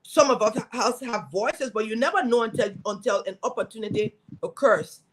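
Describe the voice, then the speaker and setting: A middle-aged woman from Liberia speaking, a guest in an interview telling her story as a former senator with lively, preaching energy. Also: fairly high pitch, normal speed, slightly rough, rough recording. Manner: animated, preaching storytelling with acted quotes.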